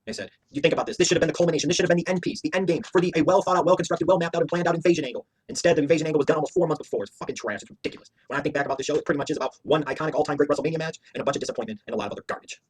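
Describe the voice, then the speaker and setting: Man, wrestling reviewer, profane heated rant, very rapid delivery, raspy tone. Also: fairly high pitch.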